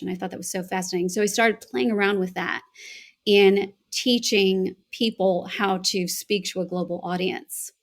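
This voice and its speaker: A woman with an American accent, a voice and accent coach, telling a reflective story as an interview guest. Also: medium pitch. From United States. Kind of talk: conversational interview answer.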